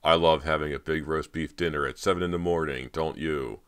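A man voicing a busy film director who gives orders in a brisk, upbeat way. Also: rumbling low, fairly even intonation, fairly bright tone, smooth.

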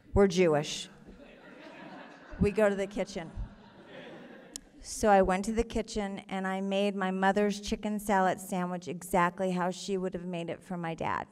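A woman telling her own story live on stage before an audience, earnest and halting, with emotion in her voice. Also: medium pitch, smooth, long reverb tail.

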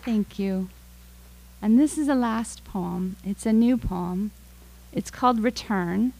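An American woman, a featured poet, introducing and reading her poems in a slow, deliberate way that lingers on words. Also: medium pitch, creaky, dark tone, poor audio. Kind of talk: poetry reading with spoken introduction.

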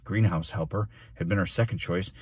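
A male teacher reading a chapter of a children's novel aloud in an even, steady storytelling manner. His voice is very low and husky, recorded dry and close. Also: a little fast, no echo.

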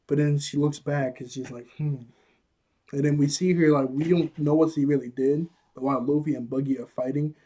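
Husky, chuckling man recapping an anime. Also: medium pitch, mellow. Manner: chuckles often, loose and apologetic. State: a bit out of breath. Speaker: anime reviewer. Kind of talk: casual episode recap.

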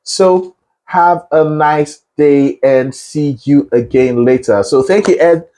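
A man's voice: a little high, takes it slowly, mellow. A man coaching a student through a singing lesson, explaining breath control with analogies and encouragement. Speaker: vocal coach.

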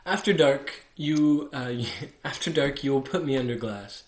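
A man's voice: mid-range voice, unhurried, natural voice. Man reading as a vain, touchy flower. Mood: coy, fussy. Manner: coy and fussy. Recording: echoey room.

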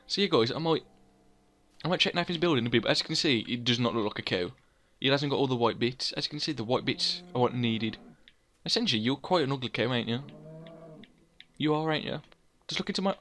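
Young man, casual game commentary, rambling, self-mocking, chatty, mid-pitched voice. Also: fast talker, a bit bright, soft background music. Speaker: let's play host.

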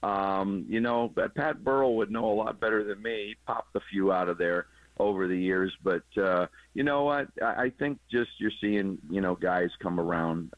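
A man with a very low voice, speaking as a former coach on a sports radio show. He explains game situations patiently and laughs lightly at his own quips. The sound is dry and a little dull, like lo-fi broadcast audio. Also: dry recording. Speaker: former third base coach, radio guest analyst. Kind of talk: casual sports radio chat.

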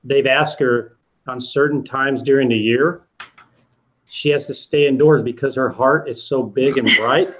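A man's voice: mid-range voice, fairly even intonation, measured pace, a bit bright, slight background noise, rough recording. A man in casual panel chat, jokey and enthusiastic. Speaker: YouTube reseller co-host.

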